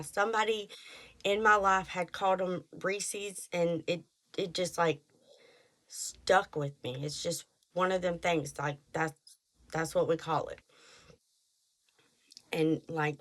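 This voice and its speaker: A woman's voice: lowish voice, a bit bright. Rambling Texan woman podcaster. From Texas. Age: 30s. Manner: rambling, self-deprecating, quick asides and mock voices. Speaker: podcast host. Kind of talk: casual chat.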